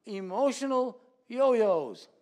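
Man, preacher, high voice, sermon, animated, acts out voices. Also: slow pace. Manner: animated, acts out quoted voices with big swings in loudness. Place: church.

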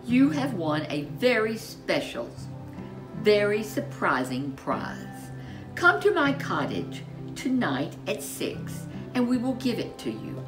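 Storybook goblin, as read by a woman: a sly, prim male goblin with formal manners, lively delivery. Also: mid-range voice, takes it slowly, over music, pitched above the performer's own voice. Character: polite sly male goblin, grinning, scheming.

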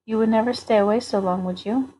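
A woman's voice: a little high, fairly even intonation, fast talker, mellow, a little hiss or hum, natural voice, rough recording. A woman voicing a jealous, possessive young male dragon in an audiobook reading, speaking in earnest, formal phrases.

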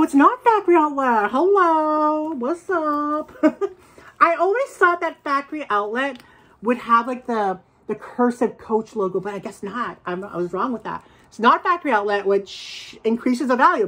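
Woman vlogger, slightly high voice, excitable casual unboxing chatter. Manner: excitable, gasping and laughing, swears casually. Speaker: reseller vlogger.

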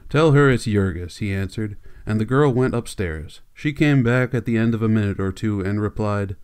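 A man reading a classic novel aloud as an audiobook narrator, in measured, steady storytelling. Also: on the low side, clear, resonant tone. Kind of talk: scripted narration.

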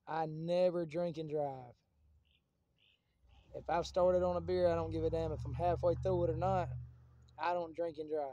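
A talkative man with a high but mellow voice, rambling to his followers. He swears freely and drifts from one thing to the next, recorded dry and close. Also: dry recording, muffled recording. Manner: rambling, profane and chatty. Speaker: vlogger. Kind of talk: casual rambling monologue to camera.

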